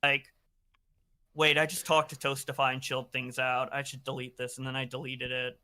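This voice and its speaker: A male caller with a very bright, sharp voice tells his side of things. He rambles with lots of fillers and restarts, sounding defensive. His voice stays crisp and smooth. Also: medium pitch, completely flat delivery, moderate pace. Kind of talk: call-in conversation.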